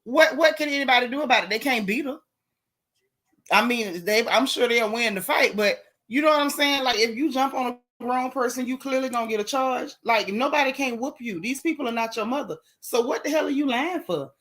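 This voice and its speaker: A middle-aged woman, host of a live gossip stream, chatting in a sassy, animated, colloquial way. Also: fairly high pitch, fairly quick. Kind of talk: casual gossip chat, greeting live chatters.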